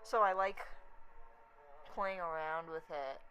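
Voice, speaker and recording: Animated, foul-mouthed young woman vlogger. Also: on the low side, muffled recording, slight background noise. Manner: animated, swears freely, slips into quick impressions. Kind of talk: casual rambling chat.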